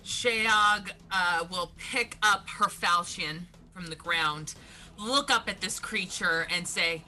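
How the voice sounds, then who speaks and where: A woman player cheerfully describing what her character does in a tabletop game. She talks slowly, in a very bright, sharp voice pitched a bit high. Faint music plays underneath. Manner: gleeful, narrating her character's actions. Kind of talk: casual tabletop play.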